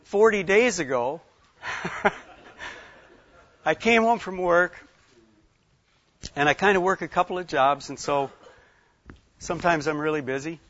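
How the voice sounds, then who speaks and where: A man's voice: on the high side, normal speed, long pauses, a bit bright. A man, giving a conversational sermon as a folksy, rambling storyteller with many fillers. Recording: slightly dull lo-fi sound.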